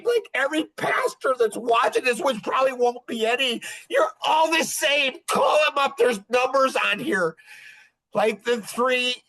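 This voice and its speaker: An older man with a notably high voice speaks as a podcast guest over a video call. His talk is impassioned and indignant, and his pitch swings up and down with emotion. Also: a bit bright, poor audio. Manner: indignant and emotional, rising and falling sharply.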